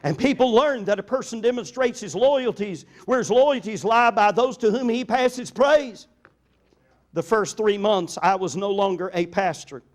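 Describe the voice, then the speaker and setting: Older pastor, man, fairly high voice, earnest sermon storyteller. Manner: earnest storytelling, slows down for emphasis.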